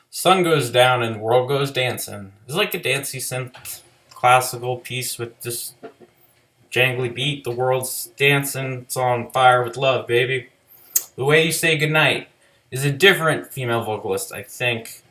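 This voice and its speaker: A man's voice: medium pitch, sharp tone. Rambling man reviewing an album. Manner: rambling, many "like" fillers, loose profanity. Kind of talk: casual spoken music review.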